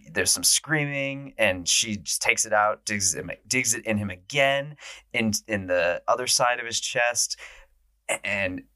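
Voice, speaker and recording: A man's voice: on the low side, no echo, studio quality. A man casually recapping a horror film on his podcast, acting out the characters' lines. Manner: animated, acts out quotes in raised voices. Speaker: podcast host.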